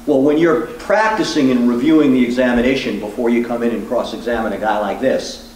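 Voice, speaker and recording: A man teaching as a law professor, speaking deliberately with measured pauses. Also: mid-range voice, a little mellow, a little hiss or hum. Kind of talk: teaching demonstration. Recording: echoey room, distant mic.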